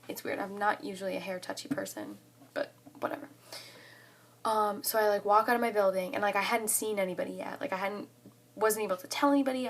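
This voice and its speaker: A young woman in her twenties telling a story to the camera in a casual vlog, excited and chatty, saying "like" often. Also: medium pitch. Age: 20s. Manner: excited and chatty, heavy use of "like". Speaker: college student vlogger.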